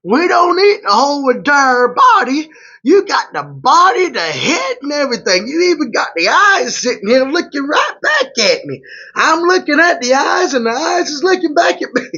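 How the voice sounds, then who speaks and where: A man voicing his preacher friend as a startled man who shouts his questions in a high, drawn-out voice. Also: very animated, exaggerated voice. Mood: incredulous. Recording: slightly muffled lo-fi audio.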